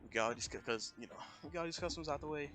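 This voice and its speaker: A man telling a story in a casual, animated rant on a live stream, often jumping into raised voices to quote people. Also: on the high side, racing. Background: music.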